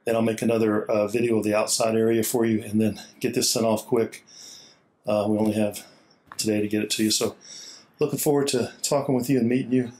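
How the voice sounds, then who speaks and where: Breathless pastor giving a church tour. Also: male voice, lowish voice, little pitch movement, brisk, a little mellow. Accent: Hawaii. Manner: chatty, laughs often, slightly out of breath. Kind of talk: casual walking video tour. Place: small church building indoors. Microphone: laptop held while walking.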